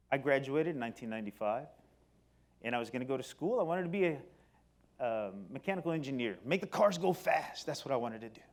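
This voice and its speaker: A middle-aged man giving a personal storytelling talk on stage, animated, moving between loud excited bursts and quiet low passages. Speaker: company speaker. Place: stage before an audience.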